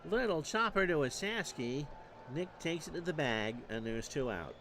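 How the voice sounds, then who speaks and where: A man's voice: on the high side, very animated, a bit bright, a little hiss or hum. Stat-heavy male baseball announcer. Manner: measured, stat-heavy, dry asides. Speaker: play-by-play announcer. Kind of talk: replay baseball commentary.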